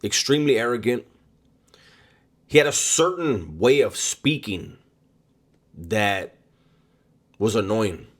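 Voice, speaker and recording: A man with a fairly low voice tells a personal story in a casual, unhurried way. He stops often for ums and repeats himself mid-sentence. His delivery is conversational, as if he were talking to a friend. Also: animated. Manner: halting, with frequent ums and repeated words. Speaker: storyteller recounting prison experiences.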